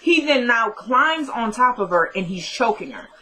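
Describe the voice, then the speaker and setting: A young woman casually recapping a TV episode, telling it as an animated story and often laughing. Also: fairly high pitch, normal speed, low-quality recording.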